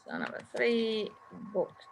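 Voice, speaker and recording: A woman's voice: on the high side, huge pitch swings, slow, creaky. A woman teaching a classroom English lesson, patiently checking answers one by one and repeating them. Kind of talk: classroom instruction.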